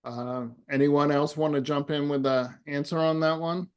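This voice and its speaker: A man moderating an online panel, opening the questions in a friendly, brisk way. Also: fairly high pitch, steady tone, a little mellow, clear, resonant tone.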